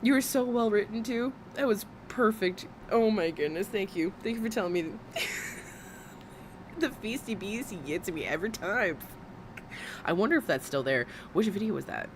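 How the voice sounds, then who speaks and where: A woman's voice: medium pitch, expressive, moderate pace, slight background noise. Sarcastic, blunt woman reaction commentator. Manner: sarcastic, blunt, profane ranting.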